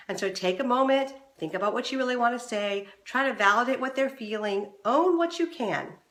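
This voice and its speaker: A middle-aged woman hosting a relationship advice show, talking straight to the viewer and acting out the voices she quotes. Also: roomy sound. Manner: animated, acts out quoted voices with big pitch swings. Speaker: relationship coach and show host. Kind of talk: direct-to-camera advice talk.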